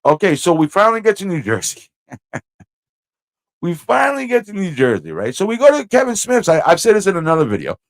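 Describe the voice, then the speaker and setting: Animated male livestream host, dry sound. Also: sits high, brisk, dry recording. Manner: animated, swearing, bursts into sung lines and put-on voices. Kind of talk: casual livestream storytelling.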